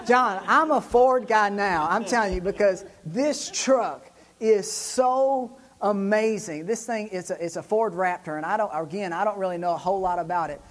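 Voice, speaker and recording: Man, animated storyteller, casual chat, excitable delivery. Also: high voice, a little fast, hardly any pauses, some chatter behind. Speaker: church staff member and show regular.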